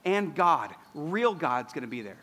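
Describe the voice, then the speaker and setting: A man's voice: on the high side, big pitch swings, measured pace, bright, forceful tone, pitched below the performer's own voice, heavily acted. A man putting on the voice of his three-year-old son, eager and earnest.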